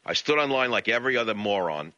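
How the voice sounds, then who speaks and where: A male talk radio host rants bluntly and sarcastically through a solo monologue. His voice is very bright and forward, close and dry, with a studio mic and a somewhat dull, lo-fi broadcast sound. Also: lowish voice, lively intonation, fast, no echo.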